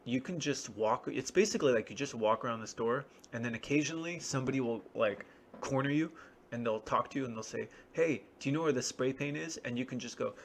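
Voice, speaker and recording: A man's voice: medium pitch, quick pace, gravelly, slight background noise. A man talking in a rambling, wry, self-deprecating solo monologue. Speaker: vlogger.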